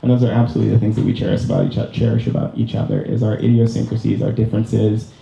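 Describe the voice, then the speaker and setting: A man's voice: lowish voice, little pitch movement, very fast, creaky, dark tone. A young man from Canada, the groom, giving an earnest, rambling wedding speech full of ums and restarts. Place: wedding reception room. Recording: distant, roomy, slightly dull hall recording.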